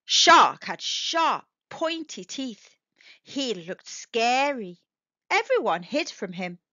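Slow sing-song woman reading to kids. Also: on the high side, no room sound. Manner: gentle, sing-song and expressive. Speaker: children's storytime reader. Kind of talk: slow expressive read-aloud for young kids. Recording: dull lo-fi dry recording.

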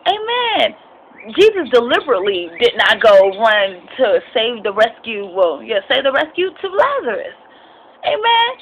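A young woman with a fairly high voice gives an informal sermon mixed with personal testimony. Her delivery is expressive and impassioned, rambling and restarting, punctuated with amens. Faint noise sits in the background. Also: poor audio. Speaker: Christian vlogger sharing a devotional.

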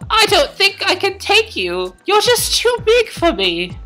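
A woman doing a squeaky little house elf. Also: wildly swooping pitch, unhurried, pushed and bright, faint music behind, full character voice. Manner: high squeaky servile voice. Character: squeaky timid male house elf, eager to please.

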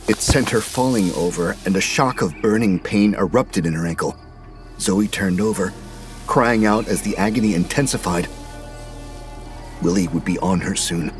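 A man narrating a horror audio drama in a measured, grave manner. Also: low voice.

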